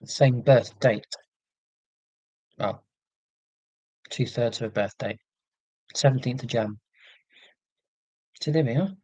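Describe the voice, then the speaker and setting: This livestream host from England speaks in received pronunciation at a medium pitch, taking it slowly with long pauses and a darkish tone. Chatty and full of ums, he reads and responds to live chat; the computer mic gives a low-quality recording with no echo.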